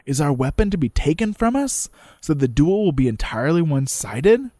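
A man reading out an impassioned courtroom speech as a male orator, with measured, dramatic pauses. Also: a little high, sing-song, mellow, no room sound, clean studio sound, pitched above the performer's own voice.

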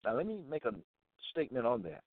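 A man's voice: mid-range voice, very animated, no echo. Man preaching over a tinny line. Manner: repetitive, emphatic, deliberate. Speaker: Bible teacher. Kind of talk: preaching Bible commentary. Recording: dry tinny phone-like sound.

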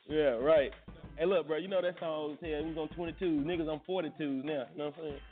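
A man hosting a casual morning talk show, talking in laid-back slang and laughing loudly. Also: fairly high pitch, fairly even intonation, fast talker, faint music behind. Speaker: host. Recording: tinny phone-like audio.

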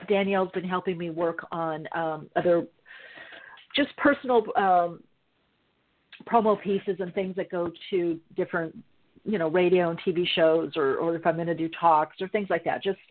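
A woman's voice: fairly low pitch, moderate pace. A woman hosting a spiritual podcast, talking in an effusive, gushing way with plenty of fillers. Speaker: podcast host. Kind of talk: casual podcast talk. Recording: tinny phone-like line.

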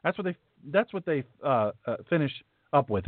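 A man's voice: fairly high pitch, expressive, moderate pace, dry recording. A male host delivering a blunt, emphatic, sarcastic talk-show monologue. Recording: tinny phone-like, dry.

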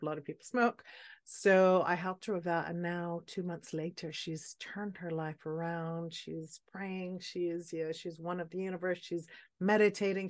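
A middle-aged woman, a guest on a talk show, chatting in an animated way that swings from loud to hushed. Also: fairly low pitch. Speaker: guest, self-relationship coach. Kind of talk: casual interview chat.

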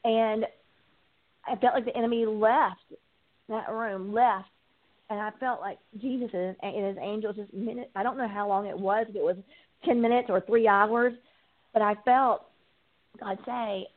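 A woman's voice: medium pitch, steady tone, a little slow, pauses often. A woman guest and addiction recovery coach, giving an earnest, heartfelt personal testimony in an interview, with frequent ums. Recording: tinny phone-line sound.

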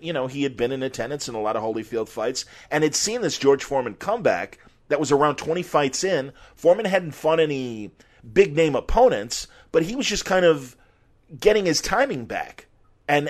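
Male podcast host, middle-aged, casual animated storyteller. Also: medium pitch. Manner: animated, acts out quotes. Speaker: podcast host and former sports reporter.

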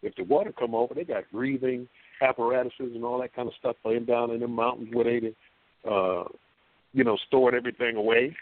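A man's voice: mid-range voice, flat delivery, a little fast, dry recording. A man talking as a guest on a call-in show, folksy and rambling, with many fillers and restarts, over a phone line. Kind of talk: call-in radio talk.

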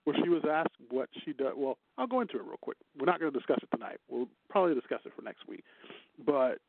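A man's voice: mid-range voice, very animated, fast, vocal fry, no room sound. A man co-hosting a casual news chat show, chatty and teasing, laughing often. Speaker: co-host. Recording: dry, tinny phone-like line.

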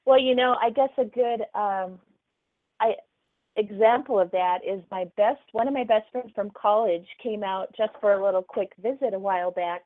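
A middle-aged woman with a light Oklahoma Southern twang, chatty and quick to laugh as she talks about her life. Her voice comes through a thin, phone-like remote call line with a dry, close sound. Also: mid-range voice, dry recording. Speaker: guest author. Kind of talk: casual interview chat.

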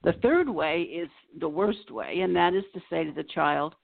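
Gravelly woman therapist on a phone line. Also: fairly low pitch, expressive. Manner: gentle, measured, gives examples. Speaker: psychotherapist guest. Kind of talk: explanatory interview talk.

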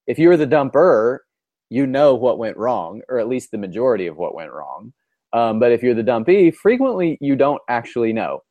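A man's voice: medium pitch, darkish tone, no echo. A man co-hosting a podcast in a casual chat, spinning stories with wry, mock-argumentative humor. His voice sits in an ordinary middle range and comes across dry and close, with no room sound around it. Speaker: podcast co-host.

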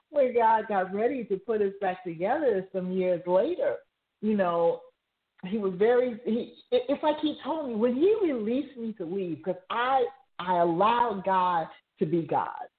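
A woman's voice: medium pitch, animated, takes it slowly. A woman in her fifties sharing a personal faith testimony on a talk show, laughing often and turning earnest and preachy. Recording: tinny phone line.

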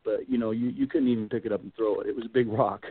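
A man's voice: fairly low pitch, fairly even intonation, fast talker, a little hiss or hum. Middle-aged man telling a story over a phone line. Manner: rambling, loose, with frequent "you know" and "like". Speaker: Bigfoot researcher guest. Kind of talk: casual storytelling in an interview.

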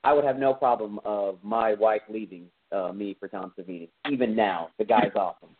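A man's voice: on the low side, fairly quick, a little hiss or hum. A man hosting a podcast who retells a film scene in a casual, rambling, enthusiastic way, with many fillers. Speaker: podcast host. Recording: tinny phone-like sound.

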